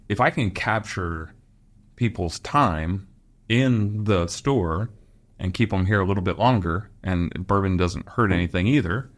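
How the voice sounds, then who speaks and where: A man from Los Angeles, a clothing store owner guesting on a podcast, telling rambling, animated anecdotes with frequent laughs. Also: sits low. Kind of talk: casual storytelling interview.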